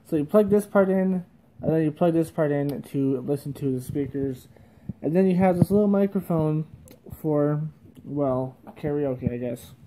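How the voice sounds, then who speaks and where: A man's voice: a little high, a little slow, mellow, slight background noise. A young man vlogging at home, rambling with lots of fillers as he tests a cheap karaoke microphone plugged into his phone. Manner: rambling and self-conscious, with frequent fillers and small laughs. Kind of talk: casual vlog, testing a microphone. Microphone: cheap karaoke microphone plugged into a cell phone.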